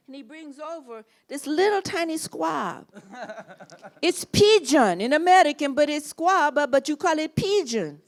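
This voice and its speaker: A woman guest at a film Q&A, telling an animated anecdote and acting out the people in it. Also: high-pitched, measured pace. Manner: lively storyteller who acts out the people in her story.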